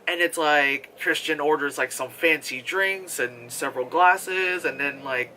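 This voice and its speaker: A man giving a casual movie review vlog, animated and profane, laughing and acting out characters. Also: fairly high pitch, unhurried.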